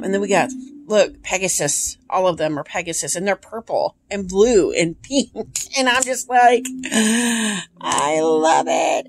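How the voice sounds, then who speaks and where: A woman casually showing tarot decks on camera, gushing with enthusiasm between frequent ums. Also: lowish voice. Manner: gushing, enthusiastic, lots of ums and repeated praise. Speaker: tarot deck collector. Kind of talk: casual show-and-tell vlog. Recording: steady background hiss with handling clicks.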